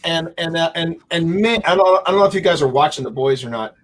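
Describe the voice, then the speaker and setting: A man's voice: a little high, lively intonation, quick pace, rough recording. A man on a video call telling jokey stories as a livestream guest. He acts out the people he quotes. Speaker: guest author. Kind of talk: casual storytelling on a livestream.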